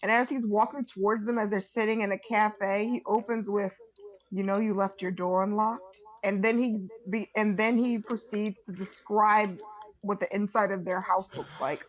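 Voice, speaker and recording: A woman's voice: medium pitch, steady tone, moderate pace, highs cut off. A woman co-hosting a podcast, retelling stories in a loose casual chat full of fillers and giggles. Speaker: podcast co-host.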